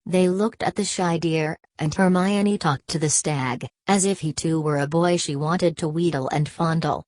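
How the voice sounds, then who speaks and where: Audiobook narrator, woman, low deep register, dry close sound, measured delivery. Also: no echo. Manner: steady, measured reading with quoted dialogue. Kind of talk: scripted narration.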